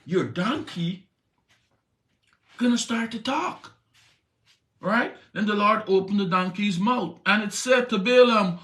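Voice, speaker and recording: Man, preacher, morning devotional talk, conversational, slangy, slightly high voice. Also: slow, long pauses, a bit bright, reverberant. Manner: conversational, slangy, asks "right?". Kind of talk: morning devotional talk, retelling a Bible story.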